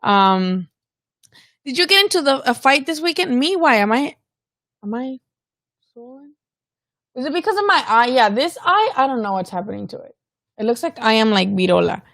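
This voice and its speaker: A woman's voice: a little high, sing-song, normal speed, long pauses, fairly bright tone, no echo, studio quality. A woman hosting a casual live-stream about boxing, talking candidly with plenty of swearing and bits of Spanish slang. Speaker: boxing channel host.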